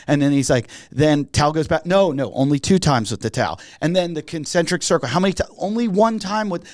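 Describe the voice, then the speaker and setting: Male comedian, animated raconteur, higher-pitched, very lively delivery. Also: a little fast. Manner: acts out quotes, laughs while telling. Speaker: guest comedian. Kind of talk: animated storytelling.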